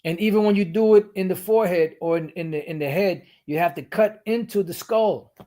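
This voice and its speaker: A man's voice: high-pitched, a little fast, mellow. A man teaching the Bible while sharing his screen, explaining step by step and often repeating and restarting his phrases.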